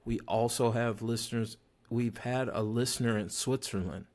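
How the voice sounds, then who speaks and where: A man's voice: mid-range voice, steady tone, normal speed, darkish tone. A man hosting a podcast in casual chat, a little tipsy, talking in a laid-back, slangy, joking way. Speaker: podcast host.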